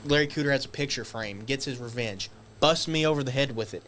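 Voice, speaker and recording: A man guest on a podcast, telling stories casually, animated and swearing, acting out shouted quotes. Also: medium pitch, brisk, slight background noise. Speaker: guest wrestler. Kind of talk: casual storytelling.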